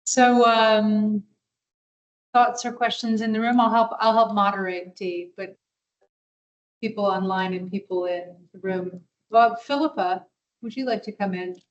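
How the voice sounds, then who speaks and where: A woman moderating questions, briskly inviting the room and online guests to speak. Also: mid-range voice, steady tone, dull audio.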